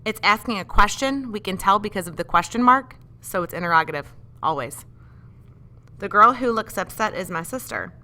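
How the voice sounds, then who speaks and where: A woman's voice: mid-range voice, expressive, moderate pace, pushed and bright. A woman teaching a grammar lesson, patiently explaining step by step and asking the class questions. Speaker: English teacher.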